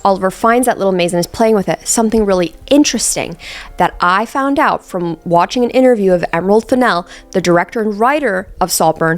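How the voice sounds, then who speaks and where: A woman in her twenties giving a casual, joking film recap full of swearing and asides. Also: mid-range voice. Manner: chatty, profane, joking asides. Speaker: vlogger. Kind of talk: casual movie recap commentary.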